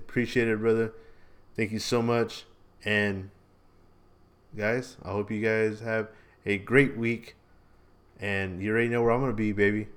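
A man's voice: on the low side, clean tone. A man hosting a casual podcast, talking in a rambling, laid-back way and tacking "man" and "bro" onto his lines. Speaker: podcast host.

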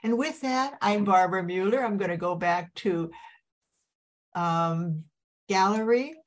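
A woman's voice: medium pitch, unhurried. Effusive older woman podcast host. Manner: effusive, gushing, preachy. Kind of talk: enthusiastic interview chat. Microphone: video call.

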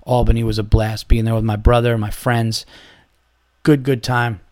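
In clean studio sound with a dry recording, a man with a mid-range voice talks at normal speed. He's a podcast host in casual chat, telling stories in an animated way, acting out quotes and swearing freely.

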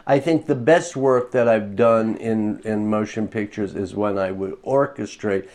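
A man's voice: on the low side, unhurried. A man talks about his orchestration work as an interview guest. He spins casual anecdotes and slips into quoting himself and others with a laugh in his voice. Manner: animated anecdotes, acts out quotes with laughter.

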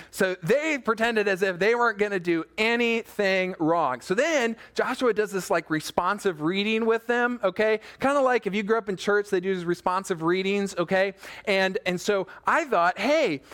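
A pastor with a high voice gives a relaxed sermon to people watching online. He keeps it chatty, with jokes and self-deprecating asides. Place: church room with a small team.

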